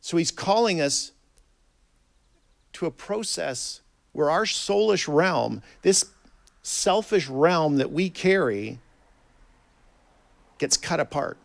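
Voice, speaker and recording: Gravelly earnest male preacher. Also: fairly high pitch, expressive, slow pace, long pauses. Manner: earnest, reads scripture aloud, swings from quiet to loud emphasis. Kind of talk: sermon.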